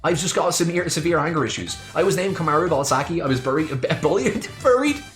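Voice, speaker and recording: A young woman streaming a voice-acted game playthrough, joking and swearing in animated commentary. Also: low-pitched, fast talker. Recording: echoey room, faint music behind.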